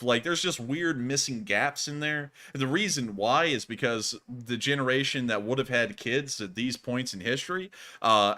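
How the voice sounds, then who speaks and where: A man hosting a live news stream, talking casually and mocking critics. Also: medium pitch. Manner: animated, mocks critics in a raised voice. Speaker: host of a war news stream.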